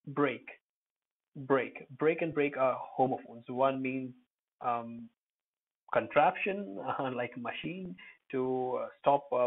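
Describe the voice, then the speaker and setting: A man teaching English pronunciation in a relaxed lesson, calling out single words loudly and explaining them with hesitant pauses. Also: medium pitch. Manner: hesitant, many uh fillers, thinks aloud. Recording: tinny phone-quality recording.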